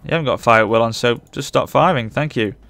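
A man commentating live on his strategy game as he plays, urging his units on and reacting loudly to the battle. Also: medium pitch, fast, no echo, soft background music. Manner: urgent, excitable, barks orders at units. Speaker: gaming channel host.

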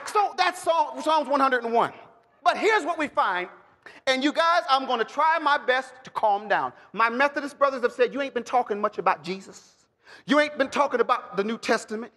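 A man teaching the Bible to a live audience, animated and joking, calling for responses and bursting into shouts. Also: very high-pitched, moderate pace, some chatter behind. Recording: long hall reverb.

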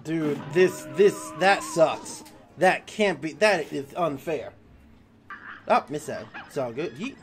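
A man narrates his own let's play, yelping, cursing and laughing through each fight. His pitch swings widely, yet his pace stays unhurried between outbursts. Faint game music sits behind him. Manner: excitable, swearing, laughing at his own fails. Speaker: gaming YouTuber.

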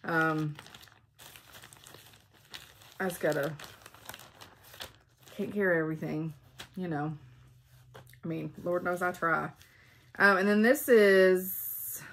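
A woman's voice: on the low side, fairly bright tone. A woman chatting casually at home, bubbly and full of ums as she shows off craft supplies. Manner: chatty, bubbly, says um a lot. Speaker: flosstube vlogger.

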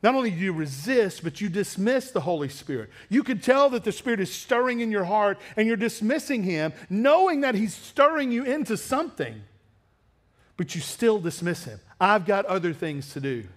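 Blunt high-voiced male preacher. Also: very animated, normal speed. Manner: blunt, confrontational preaching that drops to quiet asides. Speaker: pastor. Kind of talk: sermon. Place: church sanctuary.

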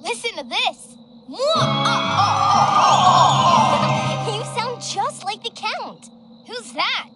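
A woman's voice: extremely high pitch, big pitch swings, a little slow, exaggerated voice. A woman voicing a cheerful, confident young girl in a cartoon who loves spooky things. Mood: gleeful. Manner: bubbly, delighted. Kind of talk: cartoon voice acting. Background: music.

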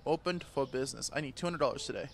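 A man's voice: mid-range voice, rapid-fire, a little hiss or hum. A man giving crude, joking commentary while playing a game, trash-talking the characters on screen and laughing often. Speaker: gaming YouTuber. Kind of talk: gameplay commentary.

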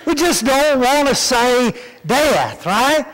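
High-voiced slow-talking preacher. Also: male voice, very animated, fairly bright tone. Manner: folksy, repeats words when starting sentences. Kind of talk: sermon. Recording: church hall reverb.

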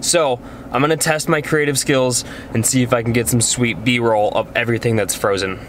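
A man's voice: mid-range voice, steady tone, moderate pace, fairly bright tone, slight background noise. A young man talking casually to his viewers on a handheld camera, outdoors in freezing weather and cold enough that it shows in how he talks. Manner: chatty, addresses viewers directly. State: cold, shivering. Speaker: vlogger. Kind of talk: casual vlog chat.

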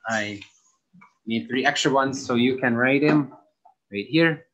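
Slow, careful male English teacher. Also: medium pitch, a bit bright, highs cut off. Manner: slow, careful explaining to children. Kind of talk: recorded online lesson.

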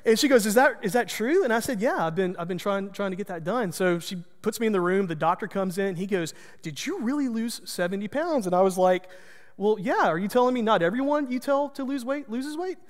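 High-voiced pastor guy telling a story, folksy and self-mocking, long hall echo. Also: animated, a little fast. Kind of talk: sermon storytelling.

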